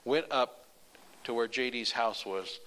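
A male preacher telling a personal story in a sermon, animated, running sentences on with repeated "and". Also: mid-range voice, unhurried, noisy background.

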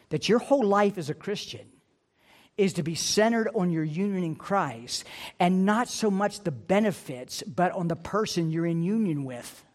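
A male pastor delivers a sermon in an earnest, emphatic manner. His voice sits fairly high for a man. He circles back to key phrases again and again to press each point home.

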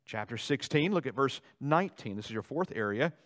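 A male pastor preaching a sermon in a church, animated, swinging between loud dramatic outbursts and quiet asides. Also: mid-range voice, brisk. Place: church sanctuary.

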